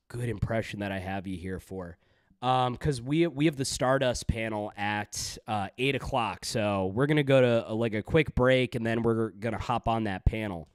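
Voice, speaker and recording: A man's voice: mid-range voice, a little mellow, no room sound, studio quality. A man hosting a stream, rambling with crude jokes and lots of fillers. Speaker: stream host. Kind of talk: casual stream banter.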